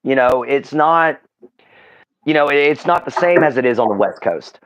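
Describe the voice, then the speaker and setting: A man's voice: medium pitch, animated, moderate pace, highs cut off. A man with a Southern Texan accent, talking as a livestream guest in casual chat, earnest and rambling with fillers and restarts. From Southeast Texas.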